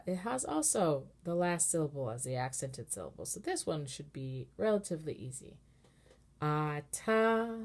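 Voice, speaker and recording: A woman cantor giving a relaxed, patient lesson on chanting, explaining step by step and singing short chanted examples. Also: lowish voice. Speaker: cantor teaching Torah chanting. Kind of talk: informal online lesson with sung examples.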